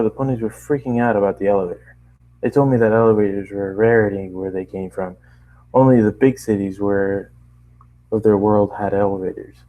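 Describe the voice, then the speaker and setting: Low-voiced man reading fan fiction casually, chatty and self-deprecating, tripping over words now and then. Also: warm tone, poor audio. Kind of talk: casual story reading with asides.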